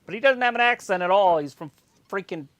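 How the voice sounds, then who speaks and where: A man's voice: sits high, lively intonation, fast, a bit bright. A man co-hosting a livestream, talking casually, rambling and swearing now and then. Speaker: co-host.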